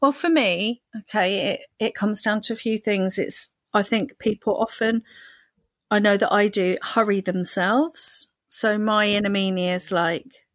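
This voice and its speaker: A woman's voice: medium pitch, steady tone, measured pace, dry recording. A woman co-hosting a podcast, chatting casually and animatedly, with playful voices for quoted thoughts. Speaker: podcast co-host. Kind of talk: casual chat.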